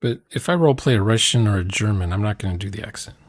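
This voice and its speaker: A man's voice: on the low side, fast. A man chatting casually about role-playing games, rambling and trailing off with fillers.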